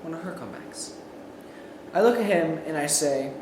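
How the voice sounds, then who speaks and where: In an echoey school hall with faint noise behind him, a student recites a comic monologue from memory. This young man is lively and shouts out the quoted lines, speaking on the high side at a moderate pace with long pauses.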